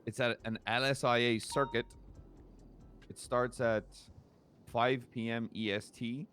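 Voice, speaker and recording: A man's voice: medium pitch, fairly even intonation, unhurried, a bit bright, faint music behind. A man in character as a police officer, telling a story in casual, profane roleplay chat. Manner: casual, swears a lot, storytelling.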